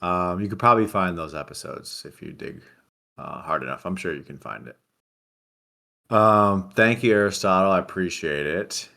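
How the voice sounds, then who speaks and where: Man, very deep low voice, deadpan, casual livestream chat, desk mic. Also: moderate pace, vocal fry. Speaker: livestream guest reading chat.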